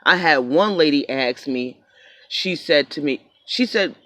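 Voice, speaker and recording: A man's voice: a little high, animated, unhurried, a bit bright, no room sound. A man vlogging about his small business, telling a story in a casual, profane rant with acted-out quotes.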